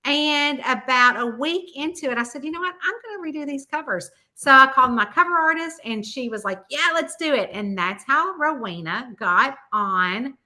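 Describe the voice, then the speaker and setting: A woman's voice: high voice, expressive, moderate pace, few pauses, bright, forceful tone. A middle-aged woman with a Southern US accent, casually chatting with her audience as host and telling a long story full of quoted voices. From American South. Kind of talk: casual chat.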